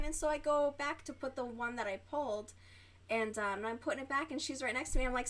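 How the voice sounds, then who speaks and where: Young woman, fairly high voice, casual livestream chat, rambling, swears a lot, lots of fillers. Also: brisk, fairly bright tone. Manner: rambling, chatty, swears freely, many fillers. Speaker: livestream host.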